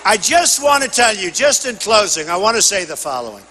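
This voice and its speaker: An older man giving a campaign rally speech at a podium microphone, boastful and repetitive, often shouting to the crowd. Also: high-pitched, very animated, fairly quick, in a large hall, slight background noise, poor audio. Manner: boastful, repetitive, punchy phrases. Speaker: political candidate at a rally. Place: large rally venue.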